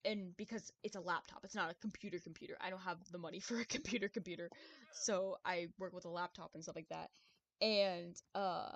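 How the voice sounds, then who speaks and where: Excitable young woman streamer, rambling. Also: on the low side, brisk. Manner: excitable, rambling, swears often, stumbles over words. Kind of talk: casual live-stream chat.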